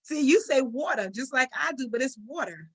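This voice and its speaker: A woman's voice: high voice, a little fast. A woman with a Brooklyn accent, chatting casually as a podcast co-host in a blunt, teasing, slangy way. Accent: Brooklyn, New York. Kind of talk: casual chat.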